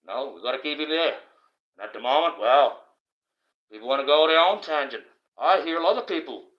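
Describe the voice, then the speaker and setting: A man's voice: on the high side, lively intonation, brisk. A man, hosting a livestream from indoors and preaching in a rambling, blunt and profane monologue. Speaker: livestream host. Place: indoors, wearing a mask. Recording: dull, lo-fi livestream audio.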